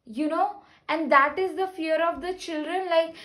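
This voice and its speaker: A woman talking casually to camera in an earnest, rambling, gentle way, with many restarts. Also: very high-pitched, a little slow, poor audio. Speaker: spiritual vlogger. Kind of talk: casual personal talk to camera.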